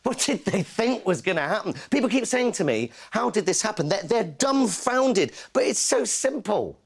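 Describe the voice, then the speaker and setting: An actor playing a furious, foul-mouthed news reporter in a comedy sketch, ranting to colleagues. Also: male voice, high voice, very animated, normal speed, creaky, breathy edge, heavily acted. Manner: swearing angry rant to colleagues.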